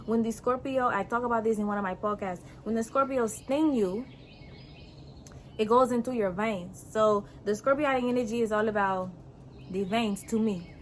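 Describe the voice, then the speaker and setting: A woman's voice: on the high side, normal speed, a little hiss or hum, lightly acted. A woman channeling a solemn mystic in an accent. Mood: solemn mystical.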